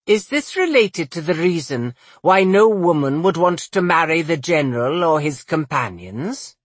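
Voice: mid-range voice, big pitch swings, measured pace, slightly rough, dry recording. A narrator voicing a determined young noblewoman guardian who questions insistently.

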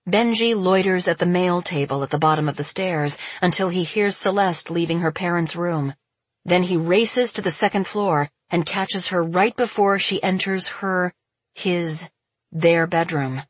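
A woman reads a novel aloud in calm, even narration. Her voice is slightly low and faintly husky. The recording is close and dry, with no room sound. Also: unhurried, no room sound. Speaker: audiobook narrator. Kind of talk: scripted narration.

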